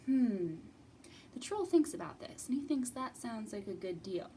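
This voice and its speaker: A woman's voice: fairly high pitch, sing-song, moderate pace, warm tone, slight background noise. A woman leading a children's storytime as librarian, talking in an encouraging singsong way, recorded from a distance.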